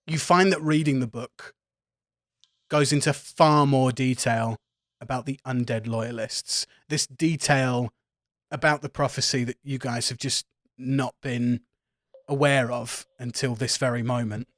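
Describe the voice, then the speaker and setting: A man running a tabletop game as game master, playful with the players and steady when reading lore aloud. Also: medium pitch, measured pace, no echo, studio quality.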